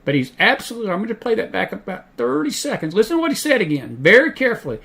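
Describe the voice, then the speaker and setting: A man's voice: high voice, big pitch swings, very fast, vocal fry, bright, forceful tone. A man from South Georgia with a Southern accent, hosting faith-based news commentary in a folksy, emphatic way that repeats key phrases. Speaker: host.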